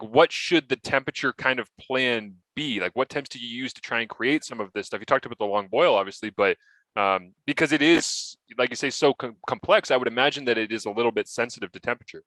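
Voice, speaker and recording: A male host with a bright, forceful voice, recorded dry and close with no room echo. He chats with an enthusiastic, talkative energy. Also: mid-range voice. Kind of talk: casual chat.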